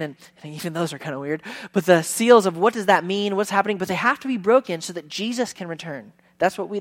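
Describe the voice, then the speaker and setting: A man preaching a sermon as a pastor, conversational with casual fillers, swinging from hushed lines to loud emphasis. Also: on the high side.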